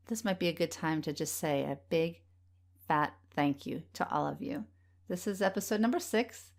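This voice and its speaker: A middle-aged woman hosts her solo podcast in a slightly low voice. She talks earnestly and gently, encouraging her listeners, and at times sounds moved. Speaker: podcast host. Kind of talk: heartfelt solo podcast talk.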